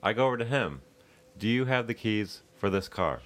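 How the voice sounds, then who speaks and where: A man's voice: lowish voice, expressive, moderate pace, fairly bright tone. A man telling a profane story about a work incident in casual chat.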